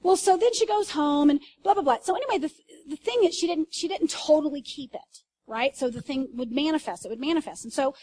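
A woman pastor preaching to a congregation, telling stories in an animated way with loud bursts and asides. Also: high voice, brisk, few pauses. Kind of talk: sermon. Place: church service.

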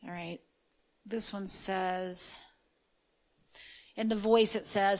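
A woman's voice: mid-range voice, steady tone, slow pace, long pauses, darkish tone, low-quality recording. A woman giving an informal sermon, chatty and full of fillers, reading scripture and checking in with her listeners. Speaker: preacher.

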